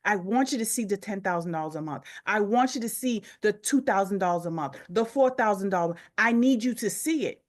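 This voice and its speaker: A woman's voice: mid-range voice, lively intonation, brisk, hardly any pauses. A woman leads a motivational coaching session over a group call. She drives her points home through repetition and direct appeals to her listeners, with a voice in the middle of the usual range. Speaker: business coach.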